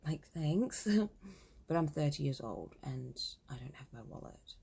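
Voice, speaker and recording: A woman's voice: rumbling low, moderate pace, gravelly, warm tone, slightly rough. A woman in her thirties telling a story casually, acting out both sides of a conversation. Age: 30s. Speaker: spiritual vlogger.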